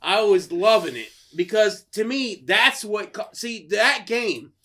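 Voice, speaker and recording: A man co-hosting a podcast in casual chat, telling a story with lots of swearing and loud acted-out quotes. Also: sits high, unhurried. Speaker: podcast co-host.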